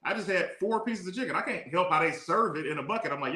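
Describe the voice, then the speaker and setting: A man co-hosting a casual podcast, defending himself with playful, animated stories. His voice sits high for a man and sounds bright. The room carries a noticeable echo. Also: quick pace. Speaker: podcast co-host. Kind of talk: casual couple banter. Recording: echoey room.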